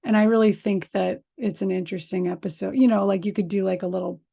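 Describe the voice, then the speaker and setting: A woman co-hosts a podcast with a mid-range voice and plenty of vocal fry. She talks in an upbeat, giggly, easygoing way, peppered with "like" and "um". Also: medium pitch, steady tone, fast, dark tone. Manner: upbeat and giggly, full of fillers. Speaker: podcast co-host. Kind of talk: casual podcast chat.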